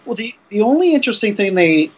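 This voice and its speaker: A man with a slightly high voice, chatting about a film in a loose, relaxed way. He retells scenes and drops wry asides as he goes. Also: quick pace, breathy edge. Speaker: film discussion co-host. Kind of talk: casual film discussion.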